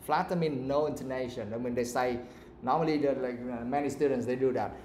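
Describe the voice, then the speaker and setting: A man's voice: medium pitch, darkish tone, a little hiss or hum. Vietnamese-accented man teaching English in an echoey room. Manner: explains slowly, models intonation with exaggerated examples. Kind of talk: live online English lesson.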